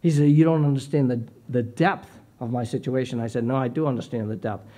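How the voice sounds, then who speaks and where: A man's voice: mid-range voice, steady tone, brisk, mellow. A middle-aged man preaching a sermon, earnest and personal, often repeating words as he starts a phrase. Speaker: pastor.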